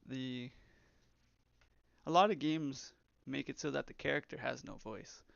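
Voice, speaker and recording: A man's voice: medium pitch, steady tone, a little slow, vocal fry, a bit bright. A young man who develops games, chatting casually on a live stream, rambling and reading chat aloud. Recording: slightly dull, lo-fi stream audio.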